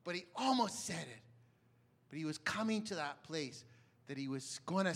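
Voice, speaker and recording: Bright high-pitched male preacher. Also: animated, normal speed. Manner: emphatic, dramatic swings from loud to hushed, asks the audience questions. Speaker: pastor. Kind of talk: sermon.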